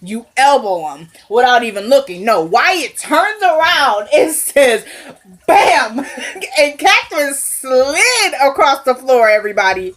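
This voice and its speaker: A woman's voice: sits high, big pitch swings, a little slow, fairly bright tone. A young woman giving a casual, chatty recap of a TV episode, laughing and talking straight to her viewers. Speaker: TV recap vlogger.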